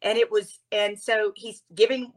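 A woman guest in an interview, telling a personal story in a heartfelt, animated way, at times close to tears. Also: mid-range voice, a little slow.

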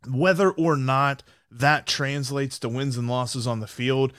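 A man's voice: medium pitch, fairly even intonation, a little slow, fairly bright tone, clean tone, dry recording, studio quality. Analytical male podcast co-host. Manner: thoughtful, analytical, stammering restarts. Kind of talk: casual sports talk.

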